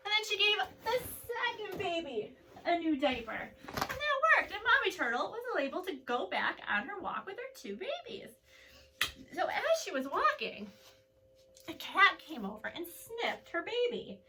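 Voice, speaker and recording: A lively woman yoga teacher with a high voice leads a children's class woven with storytelling, animated and playful but dropping to a soft, calm voice for mantras. She's recorded off the mic from a distance, with a little hiss or hum.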